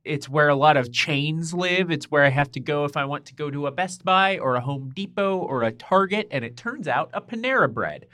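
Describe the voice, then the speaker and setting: A man's voice: on the high side, animated, normal speed, few pauses, pushed and bright. A young man co-hosting a casual chat, wry and profane. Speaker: podcast co-host.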